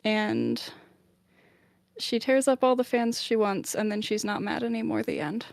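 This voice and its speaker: A woman on a book club podcast casually retelling a chapter of a novel, chatty and animated, with plenty of "like". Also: mid-range voice, unhurried, vocal fry, no echo, studio quality. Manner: chatty, lots of "like", animated summarising.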